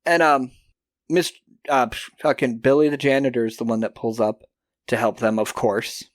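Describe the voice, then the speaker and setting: A man co-hosting a podcast, casually recapping a film and acting out the characters in quick put-on voices, with a lot of swearing. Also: medium pitch, fairly even intonation, no echo, studio quality. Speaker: podcast co-host.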